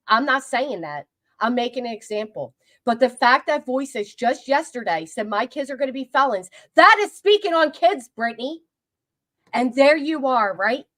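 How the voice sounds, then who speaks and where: Loud, angry woman with a Philadelphia accent. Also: on the high side. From Philadelphia, USA. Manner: loud, abrasive, profane, angry. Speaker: livestream host. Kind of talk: heated livestream rant.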